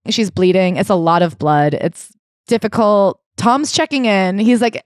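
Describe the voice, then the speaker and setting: A woman co-hosting a comedic podcast, retelling a memoir and acting out the quoted lines in animated voices. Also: medium pitch, moderate pace, no echo. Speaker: podcast co-host. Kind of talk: comedic book recap chat.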